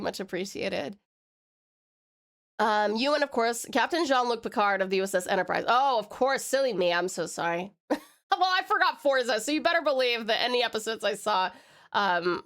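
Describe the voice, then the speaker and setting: A woman from Australia chatting casually on a live stream, rambling and giggly with lots of fillers, and her throat a little hoarse. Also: mid-range voice, a bit bright. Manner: rambling, giggly, loopy, with many fillers and restarts. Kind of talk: casual live-stream chat reading viewer messages.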